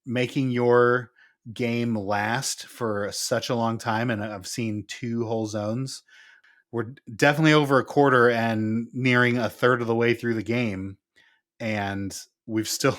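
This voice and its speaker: Relaxed male podcast co-host. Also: mid-range voice, unhurried. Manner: relaxed, laughs often, teasing. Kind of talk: casual gaming podcast chat.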